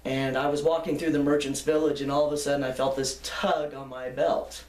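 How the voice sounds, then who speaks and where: A woman's voice: deep voice, little pitch movement, brisk, darkish tone. Older woman interviewee, chatty anecdotal storyteller, roomy distant sound. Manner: chatty, anecdotal, laughs easily. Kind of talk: reminiscing storytelling. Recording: echoey room, off-mic.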